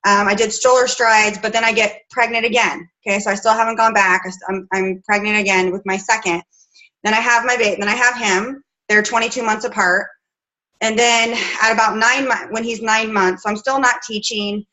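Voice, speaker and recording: A woman's voice: fairly high pitch, fairly even intonation, a little fast, pushed and bright, low-quality recording. A woman in her thirties, a fitness coach, telling her personal story at home in a chatty, rambling way with many fillers and restarts.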